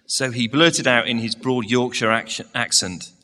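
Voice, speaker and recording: A man's voice: medium pitch, steady tone, unhurried, pushed and bright. A man giving a sermon to a church congregation, telling a story and asking the listeners direct questions. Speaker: preacher. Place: church service, large hall. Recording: long hall reverb.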